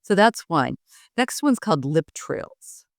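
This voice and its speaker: Lively woman coaching public speaking. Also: low-pitched, measured pace, gravelly, no echo, clean studio sound. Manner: lively, laughs often while demonstrating. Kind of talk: instructive interview talk.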